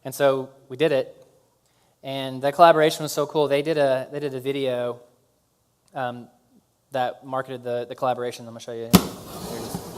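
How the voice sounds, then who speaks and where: A man giving a casual talk to an audience about his work, halting with fillers and restarts. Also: medium pitch, little pitch movement, slight background noise. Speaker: speaker telling his business story.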